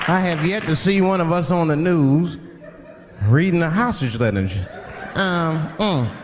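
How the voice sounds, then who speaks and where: A man performing stand-up comedy, telling stories in a wry way and swinging between loud and low delivery. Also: expressive, normal speed, noisy background. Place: theater stage with audience. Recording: live stage mic with crowd laughter.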